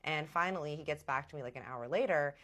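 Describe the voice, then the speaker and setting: A woman telling a personal story in a vlog, animated and dramatic, with big emotional swings. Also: sits low, fast talker. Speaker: vlogger.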